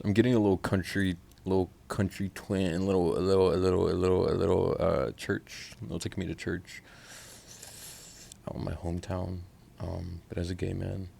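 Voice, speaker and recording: Low gravelly-voiced man reacting to music. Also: normal speed, a little hiss or hum. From Oklahoma. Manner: animated, profane, swings from mumbling to loud outbursts. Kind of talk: casual album reaction.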